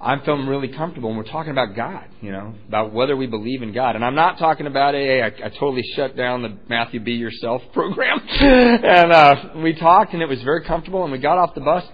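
Animated middle-aged man telling a recovery story. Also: mid-range voice, fast talker, hardly any pauses. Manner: animated storytelling, acts out voices, laughs at own jokes. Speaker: AA speaker sharing his story. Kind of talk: personal recovery talk at a meeting. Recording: dull lo-fi recording.

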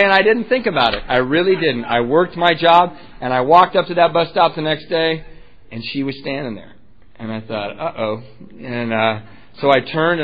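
Middle-aged man, recovery talk, animated storytelling, fairly high voice, dull lo-fi sound. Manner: animated storytelling, acts out voices, laughs at own jokes. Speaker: AA speaker sharing his story. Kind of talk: personal recovery talk at a meeting. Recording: dull lo-fi recording.

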